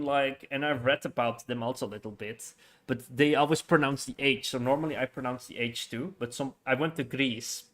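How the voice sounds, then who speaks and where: A man streaming a city-building game in casual chat, rambling with lots of fillers and quick laughs. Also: a little high, a bit bright. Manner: rambling, hesitant, full of fillers and frequent laughs. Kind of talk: casual live-stream chat while playing.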